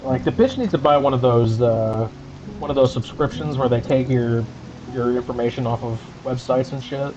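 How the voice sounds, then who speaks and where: A man's voice: mid-range voice, normal speed, muffled recording, over music. A man streaming from home, ranting angrily and sarcastically with heavy profanity as the channel's host.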